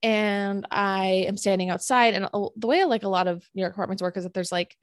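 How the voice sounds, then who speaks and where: A young woman co-hosting a podcast, telling a story in a casual, animated way, full of fillers and acted-out quotes. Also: mid-range voice, fairly quick, no echo. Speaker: podcast co-host.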